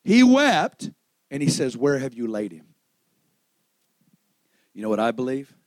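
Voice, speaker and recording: A man preaching a sermon, dramatic, swinging between loud exclamation and hushed storytelling, acting out the dialogue in the stories he tells. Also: medium pitch, moderate pace, no echo.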